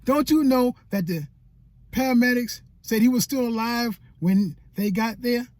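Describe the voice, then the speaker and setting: A man putting on his loud, scolding, teasing sister. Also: fairly high pitch, a little slow, no echo, clean studio sound, voice pushed up, close to an everyday voice. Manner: scolding, mocking.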